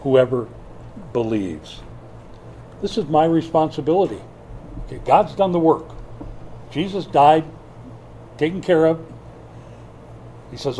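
Older preacher man with a mellow voice. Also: a little high, slow, pauses often, a little hiss or hum. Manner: lively preaching with sudden loud bursts and hushed asides. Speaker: pastor. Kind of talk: sermon.

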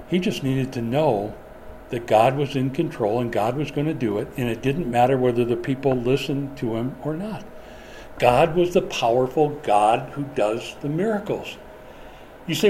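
A man's voice: mid-range voice, lively intonation, moderate pace, dark tone, slight background noise. An older man preaching a sermon in a folksy, storytelling way. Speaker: pastor.

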